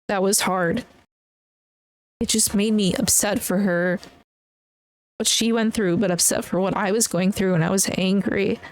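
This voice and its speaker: A woman speaking at an ordinary, mid-range pitch hosts her own podcast. She talks openly in a halting, emotional way. Her monologue is full of pauses, fillers and blunt swearing. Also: low-quality recording. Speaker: podcast host. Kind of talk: candid personal podcast monologue.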